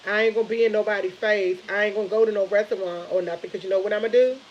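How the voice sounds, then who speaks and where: A woman's voice: mid-range voice, steady tone, very fast, muffled recording, slight background noise. A woman chatting casually on a live stream, rambling and retelling conversations with family. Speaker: vlogger.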